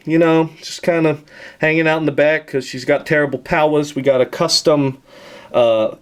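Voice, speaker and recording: A man's voice: fairly high pitch, clean tone. Rambling, jokey young-sounding man. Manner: rambling and jokey, lots of "uh" and "we got". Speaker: vlogger showing his toy collection. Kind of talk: casual home video tour.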